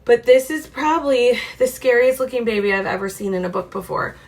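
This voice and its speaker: A young woman with a slightly high voice reads a picture book aloud to children from her home. She keeps it lively and chatty, often turning to the kids with questions. Her voice is picked up by the camera mic. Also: a little fast. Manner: animated and chatty, asking the audience questions. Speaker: children's storytime host.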